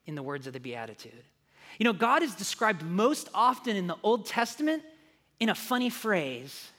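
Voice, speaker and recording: A male pastor preaching a sermon in a conversational way, moving from hushed, soft passages to animated, louder ones. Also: a little high, normal speed. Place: church sanctuary. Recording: long reverb of a large hall.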